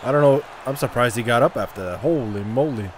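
Excitable man commentating a hockey game. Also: medium pitch, fairly quick, slight background noise. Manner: excitable, trash-talking, cheering and groaning at the play. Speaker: gaming commentator. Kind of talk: casual gameplay commentary.

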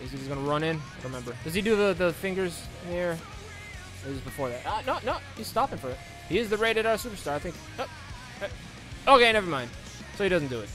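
Fast and sing-song, his voice sitting high, pushed and bright, a young man jokes his way through casual wrestling-game commentary, drifting into mock play-by-play calls. The room echoes, with game music in the background.

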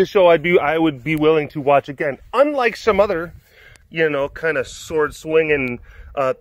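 A man hosting a casual walk-and-talk vlog outdoors on a hot afternoon, rambling along in an animated, joking way. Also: mid-range voice. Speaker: vlog host at a big cat facility.

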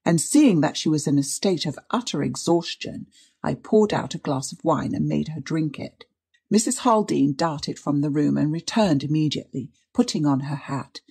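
A woman reading a period mystery story aloud in a measured, dramatic narration. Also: low-pitched, animated, creaky, a little mellow, slightly rough. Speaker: audiobook reader. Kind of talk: scripted narration.

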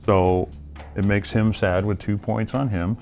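A man's voice: fairly low pitch, steady tone, measured pace, a little mellow, slight background noise. A man who co-designed a card game, explaining its rules as he plays and teasing his opponent in a playful way.

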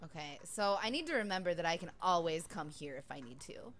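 A woman's voice: on the low side, expressive, fairly quick, fairly bright tone, a little hiss or hum. A woman streaming a horror game, talking nervously and swearing when scared. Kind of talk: live gaming stream chat.

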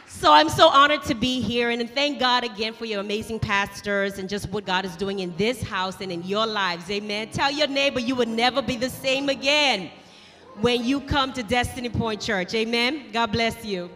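A woman with a Turks and Caicos accent, a pastor greeting a congregation with exuberant, shouted praise. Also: fairly high pitch, moderate pace. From Turks and Caicos Islands. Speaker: pastor's wife, guest speaker. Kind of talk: church greeting. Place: church sanctuary. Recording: echoey church hall with music behind.

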